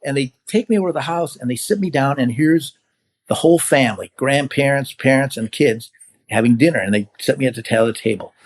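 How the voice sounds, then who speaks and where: Older man telling lively stories. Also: medium pitch, fast. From California. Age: 70s. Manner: animated storyteller who acts out quoted voices. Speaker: guest, veteran hang glider pilot. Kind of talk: casual storytelling in an interview.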